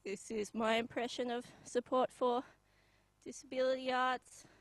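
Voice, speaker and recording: A young Australian woman performing a live comedy bit, deadpan and halting, with many pauses and ums. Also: on the high side, no echo, rough recording.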